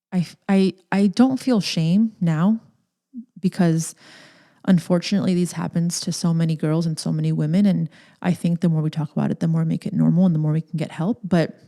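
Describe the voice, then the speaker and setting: A woman's voice: lowish voice, warm tone. A young woman hosting a podcast, telling a personal story candidly and emotionally, nervous and close to tears, with many "like" fillers. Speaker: podcast host.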